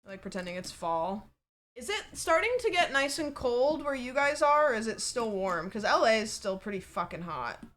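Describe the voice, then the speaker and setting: A woman's voice: fairly high pitch, very animated, normal speed, a bit bright. Chatty woman streamer, rambling casual talk. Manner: rambling, chatty, peppered with "like" and swearing. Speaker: livestreamer. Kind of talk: casual livestream chat.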